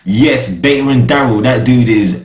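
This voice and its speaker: A young man talks through a TV episode in loose street slang, tossing "you get me?" at the listener again and again. His voice sits at an ordinary middle pitch. The room around him is bare and echoey. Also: moderate pace. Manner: slangy, animated, keeps asking "you get me?". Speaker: TV show reviewer. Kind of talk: casual review chat.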